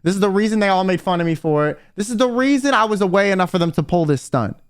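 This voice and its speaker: A young man with a fairly high voice tells a personal story to his viewers in an animated, exasperated rant. His delivery swings between loud indignant bursts and low muttered asides. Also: quick pace, smooth. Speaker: vtuber storyteller.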